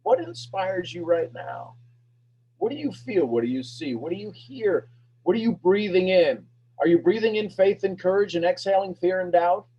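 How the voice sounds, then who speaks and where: A man hosting a live motivational talk, energetic and preachy, repeating questions and swinging between loud bursts and hushed lines. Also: high voice, normal speed, husky, muffled recording. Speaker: host of a motivational talk show.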